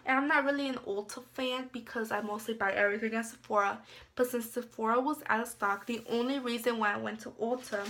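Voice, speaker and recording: A woman's voice: fairly high pitch, noisy background. A young woman chatting casually in a beauty haul video, rambling with lots of filler words. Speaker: beauty vlogger.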